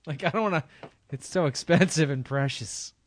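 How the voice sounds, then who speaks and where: A man co-hosting a podcast, cracking crude deadpan jokes in casual banter. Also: a little high, moderate pace, dry recording. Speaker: podcast co-host.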